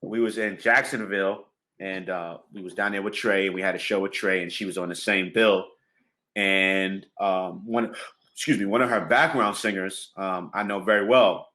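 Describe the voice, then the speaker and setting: A man guest in a casual interview, telling a lively story, acting out phone calls and laughing often. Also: low voice, moderate pace. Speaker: music producer and drummer guest.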